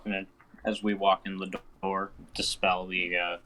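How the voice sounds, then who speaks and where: A man's voice: deep voice, level tone, normal speed, bright, forceful tone, low-quality recording. A man speaking as a player in a casual tabletop game, plain and matter-of-fact.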